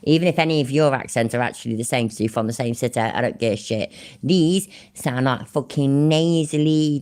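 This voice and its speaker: Woman, low voice, sarcastic, sweary, mocking reaction commentary. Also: brisk, few pauses, a little mellow. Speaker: reaction channel host.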